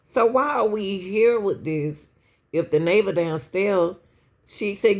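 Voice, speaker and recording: A woman with a mid-range voice and slow pace hosts true-crime commentary, talking directly to her viewers. Casual and emotional, she keeps using "y'all" and asks lots of rhetorical questions.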